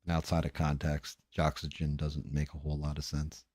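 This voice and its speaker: A man's voice: a bass voice, completely flat delivery, a little fast, a little mellow, no room sound, clean studio sound. A tired man hosting a livestream, chatting casually and profanely in a rambling, mumbling way while he paints. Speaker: livestream host.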